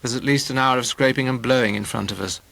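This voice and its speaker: A man's voice: medium pitch, quick pace, vocal fry, fairly bright tone, no echo. A man voicing an awkward young lecturer who talks in a hasty, apologetic way. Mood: uneasy.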